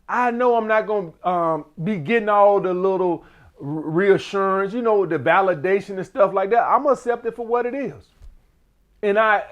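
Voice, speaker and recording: A man with a fairly high speaking voice delivers a rambling, profane rant about dating. He keeps circling back with repeated words and asides, in a loose, unscripted monologue. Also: highs cut off. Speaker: dating advice commentator. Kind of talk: ranting monologue.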